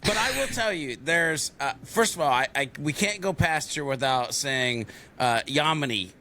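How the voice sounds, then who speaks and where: A man's voice: fairly high pitch, animated, moderate pace, sharp tone. A man co-hosting a podcast, chatting casually and enthusiastically with plenty of slang. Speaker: podcast co-host. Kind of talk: casual chat.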